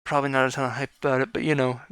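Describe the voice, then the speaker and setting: A man's voice: medium pitch, flat delivery, rapid-fire, a bit bright, clean tone, no room sound. A tired man, a gaming YouTuber, rambling and tongue-tied through a casual video outro full of fillers. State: tired after work.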